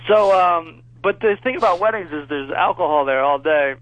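A man's voice: on the high side, expressive, moderate pace, a bit bright, no room sound, highs cut off. A man in his thirties casually telling a rambling, profane story on a podcast, laughing along as he goes. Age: 30s.

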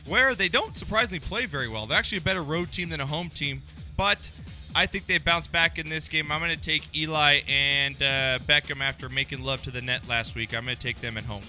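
A man hosting a casual sports talk show, excitable and bantering, laughing often. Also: fairly high pitch, brisk, faint music behind.

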